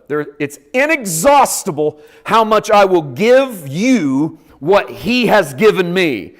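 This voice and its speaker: A man preaching a sermon as pastor, dropping to hushed asides, rising to loud emphatic points, and acting out quoted voices. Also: high-pitched, big pitch swings, slow pace, hardly any pauses. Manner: acts out quoted voices in dialogue.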